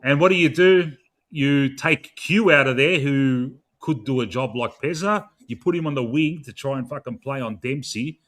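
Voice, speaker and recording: An Australian man in his young adult years rants through a football match preview, exasperated and swearing at every turn. His pitch sits at a middling level as he pleads straight to the coach. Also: moderate pace, a bit bright. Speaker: football fan podcaster.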